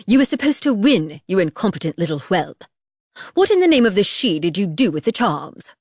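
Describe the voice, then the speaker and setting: A man's voice: sits high, expressive, a little slow, dry recording, studio quality. A woman narrator voicing a tall, bullying male half-fairy who talks with harsh contempt and hisses his threats. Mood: contemptuous.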